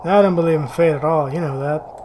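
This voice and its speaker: A man reading the lines of a weary, bitter young woman survivor aloud from a game in a quiet, flat, tired voice. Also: fairly high pitch, fairly quick, background noise, close to an everyday voice.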